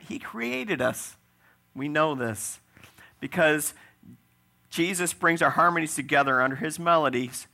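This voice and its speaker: Gravelly, bright-toned preaching man. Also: on the high side. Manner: conversational preaching with frequent "right?" asides. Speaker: pastor. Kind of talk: sermon.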